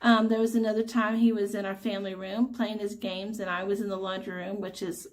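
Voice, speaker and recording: A middle-aged woman tells a personal faith testimony at an ordinary pitch. She speaks earnestly and haltingly, with frequent ums and restarts. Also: little pitch movement. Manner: earnest, halting storytelling with many fillers. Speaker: mother sharing a testimony.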